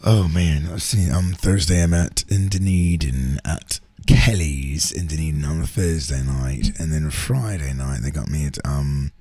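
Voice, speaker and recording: A man chatting as a guest on a talk show, laid-back and quick to laugh. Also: a bass voice, warm tone, slightly rough, dry recording. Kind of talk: casual talk show banter.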